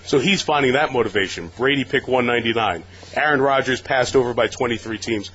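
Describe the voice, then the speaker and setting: A man speaking as a guest on a sports talk radio show, with a measured, analytical delivery. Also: medium pitch, fairly bright tone, slight background noise. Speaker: guest broadcaster. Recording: slightly dull radio recording.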